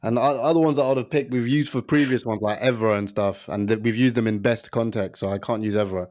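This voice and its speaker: A man co-hosting a casual podcast with his brother, excitable and quick to exclaim. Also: medium pitch. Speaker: podcast co-host. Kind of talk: casual chat between brothers.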